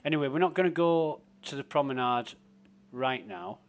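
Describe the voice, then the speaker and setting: A man's voice: mid-range voice, normal speed, clean tone. A man, streaming a game live and giving rambling, profane, sardonic commentary.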